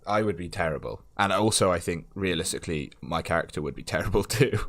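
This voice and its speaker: Brief: low-voiced male streamer, chatty and quick to laugh. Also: a bit bright. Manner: chatty, laughs often, reads choices aloud. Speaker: streamer playing a game. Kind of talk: casual game stream chat.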